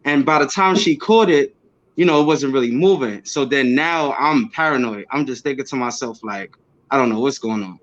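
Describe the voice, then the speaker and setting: Animated man telling a story, muffled audio. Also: mid-range voice. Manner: animated, acts out his own past words with quick bursts and laughs. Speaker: interview guest. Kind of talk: casual storytelling in a podcast interview. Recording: slightly dull lo-fi audio.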